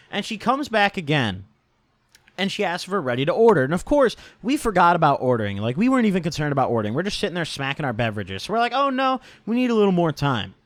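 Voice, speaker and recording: Young guy ranting a storytime, bit high pitched, swears lots, keeps saying right and dude, very animated. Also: no room sound. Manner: slangy, swears a lot, keeps tagging lines with "right?" and "dude". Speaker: vlogger. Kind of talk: casual storytime.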